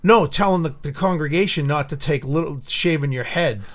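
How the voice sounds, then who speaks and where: Profane, animated male storyteller. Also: on the high side, brisk. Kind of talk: casual storytelling chat.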